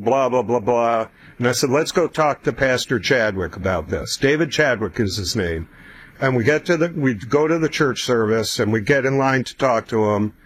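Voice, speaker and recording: Husky middle-aged man telling a story. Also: medium pitch, no echo. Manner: animated, acts out quoted voices. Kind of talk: casual storytelling.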